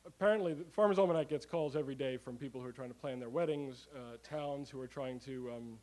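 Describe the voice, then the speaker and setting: A man giving a live comic talk to an audience, animated and rambling, with many fillers and the odd curse word. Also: medium pitch, quick pace, poor audio. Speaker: comedic presenter.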